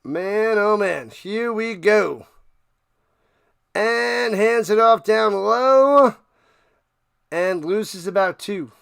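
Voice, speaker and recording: High-voiced man calling football live, gravelly. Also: expressive, drawn-out words, long pauses, fairly bright tone, dry recording, clean studio sound. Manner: playful, hyped, talks to chat, sings and riffs. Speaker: live stream play-by-play host. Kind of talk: casual live play-by-play commentary.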